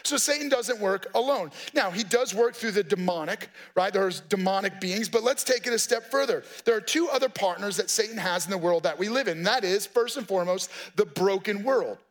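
A man's voice: high-pitched, a little fast, hardly any pauses. A man, a pastor, preaching a conversational sermon with folksy asides and direct appeals to the congregation.

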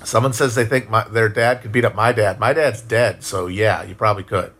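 A man casually talking on a live stream and answering chat, musing out loud, swearing now and then, with frequent restarts. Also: on the low side, steady tone, a little fast, slightly rough. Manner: rambling, musing, profane, many restarts.

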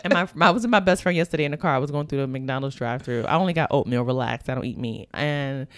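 A woman's voice: very deep voice, fast talker, dry recording, clean studio sound. A woman hosting a podcast in casual chat, talking bluntly and with swearing, now and then slipping into joking voices. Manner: animated, blunt and profane, slips into joking voices. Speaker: podcast host.

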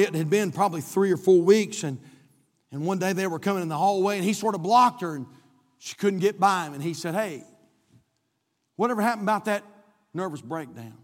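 A man's voice: sits high, fairly quick, big-room sound. A male pastor delivering an emphatic, repetitive sermon in a church, swinging his delivery up and down. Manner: emphatic, repetitive preaching with rising and falling delivery. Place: church sanctuary, live-streamed.

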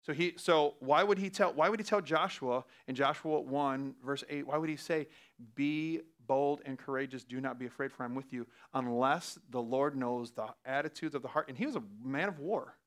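A pastor preaches at medium pitch and normal speed, keeping it casual and laughing as he goes. He swings from hushed lines to loud outbursts.

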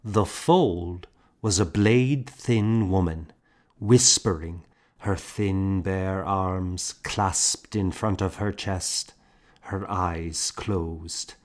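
A man narrating a story in a measured storytelling manner. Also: low-pitched. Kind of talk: scripted narration.

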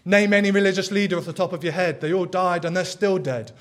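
Male pastor, earnest emphatic sermon, slightly raised pitch. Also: fast, a bit bright. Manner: earnest, emphatic preaching with repeated phrases.

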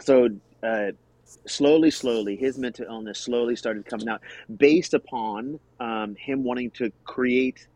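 A man's voice: medium pitch, unhurried, a little mellow, dry recording, low-quality recording. A man co-hosting a casual film discussion, earnest and repeating words as he builds his point. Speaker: podcast co-host discussing a film. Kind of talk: casual chat.

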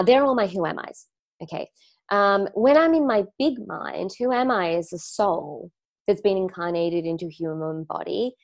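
Speaking to students in a live online session, this Australian wellness teacher has a mid-range, slightly mellow voice. Her delivery is conversational and reflective, often broken by fillers and restarts.

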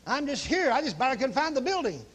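A man preaching a sermon, telling stories in an animated, exclamatory, folksy way. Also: extremely high pitch, fast, background noise. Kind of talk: storytelling sermon.

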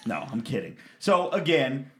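Profane, animated storytelling man. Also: mid-range voice, normal speed. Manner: profane, animated, acts out quotes. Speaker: podcast co-host telling a story. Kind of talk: crude casual storytelling.

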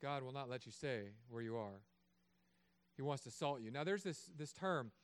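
A man in his thirties, a pastor preaching a sermon in a church, animated and joking, acting out little voices. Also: medium pitch, normal speed, clear, resonant tone. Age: 30s.

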